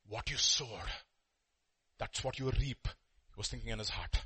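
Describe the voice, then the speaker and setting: A man preaching a sermon, telling a story with sudden loud, emphatic bursts. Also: fairly low pitch, unhurried, breathy edge.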